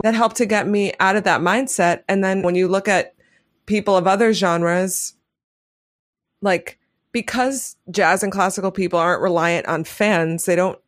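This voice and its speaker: A woman's voice: mid-range voice, no echo, clean studio sound. A woman jazz musician talking enthusiastically as an interview guest, rambling with lots of "like"s. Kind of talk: casual interview talk.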